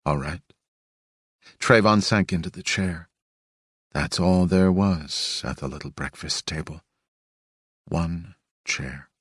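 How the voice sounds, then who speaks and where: A man reading an audiobook aloud in steady, unhurried storytelling. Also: deep voice, slightly rough, dry recording, studio quality. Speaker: audiobook narrator. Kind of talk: audiobook narration.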